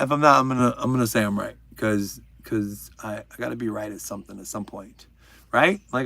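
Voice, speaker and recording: A man's voice: mid-range voice, vocal fry, pushed and bright, no room sound. A young man hosting a livestream, chatting casually and joking while reading out viewers' names. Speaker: livestream host.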